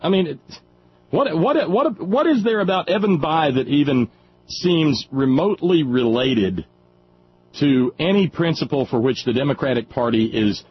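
A man's voice: fairly high pitch, expressive, normal speed, slightly rough. A man hosting a radio call-in show, talking casually about politics, laughing often and stumbling over restarts. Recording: dull lo-fi radio sound, faint hum.

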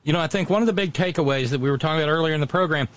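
A man's voice: a little high, rapid-fire. A man with a Southern US accent hosting political talk radio, profane and repeating his words as he starts sentences. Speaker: radio talk show host.

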